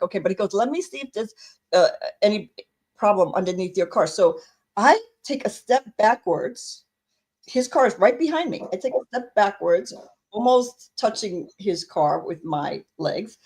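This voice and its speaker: A woman's voice: mid-range voice, darkish tone, husky. Woman co-host, chatty storyteller who acts out each quoted line. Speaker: podcast co-host. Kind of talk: casual storytelling chat.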